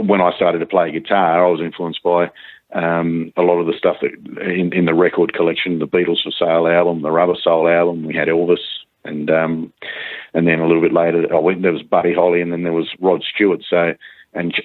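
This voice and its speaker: A male guitarist chatting in an interview, halting, with many restarts and fillers. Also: low voice, little pitch movement, dry recording. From Australia. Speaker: guitarist guest. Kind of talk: casual interview chat. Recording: tinny phone-like line.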